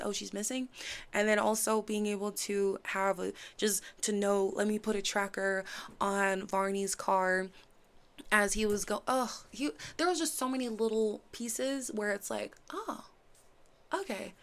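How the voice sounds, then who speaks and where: A woman reviewing a series in casual chat, animated, acting out characters' lines as she recaps. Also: mid-range voice. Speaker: show reviewer.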